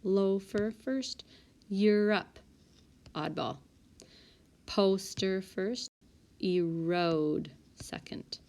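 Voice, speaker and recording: A woman's voice: mid-range voice, very slow, pauses often, darkish tone. A woman teacher talking through spelling word sorts over a whiteboard app, calling out each word and its group and now and then correcting herself. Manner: sorting words aloud, stopping to correct herself. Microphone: tablet mic, voice-over.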